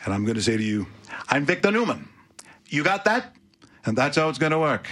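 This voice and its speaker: A gruff, domineering soap tycoon who barks orders, with a husky edge and a bright, forceful tone, as a radio man puts him on. He talks down to whoever he addresses. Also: on the high side, sing-song, a little fast, pitched above the performer's own voice. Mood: menacing. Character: gruff commanding older male soap tycoon.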